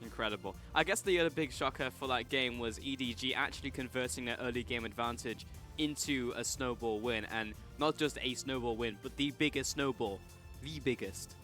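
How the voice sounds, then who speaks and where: A man hosting an esports analysis desk, energetic and laughing easily. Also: mid-range voice, a little fast, few pauses, soft background music.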